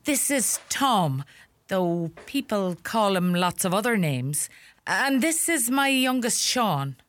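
A woman acting out a bossy, sharp-tongued Irish farm mother in middle age, scolding and fussing in a lilting, lively voice. Her Irish accent is thick. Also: mid-range voice, slow pace. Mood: hospitable. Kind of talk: comedy sketch acting.

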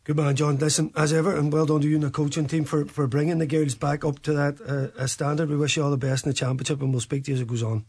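A man's voice: fairly high pitch, little pitch movement, fast talker, hardly any pauses, a little mellow, a little hiss or hum. A man hosting a casual radio sports chat, teasing and chatty with frequent restarts. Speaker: radio sports show host.

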